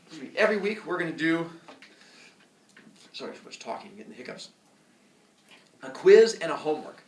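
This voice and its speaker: A male teacher with a gravelly, creaky edge explains rules to his class, joking and tossing in playful impressions of students. He is picked up from across an echoey classroom, sounding distant from the camera, with a faint hiss behind him. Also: medium pitch. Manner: joking, lively, puts on kid voices for effect. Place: school classroom. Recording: echoey classroom, far from mic.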